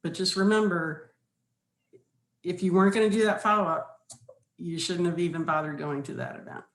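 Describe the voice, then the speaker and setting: A woman giving a slide presentation, speaking in a measured, instructive way with deliberate pauses. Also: fairly low pitch, steady tone. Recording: roomy echo.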